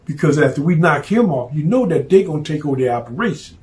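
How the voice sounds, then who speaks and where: A man's voice: on the high side, animated, fast talker, a little mellow. A man telling a story from his past in a blunt, profane, streetwise way.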